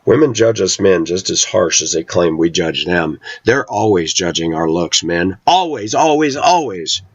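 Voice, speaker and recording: A middle-aged man speaks in a lowish voice, pressing every point with intense, emphatic force. The recording is dull and lo-fi, close and dry with no room echo. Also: normal speed, breathy edge. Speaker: vlogger. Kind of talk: opinionated monologue.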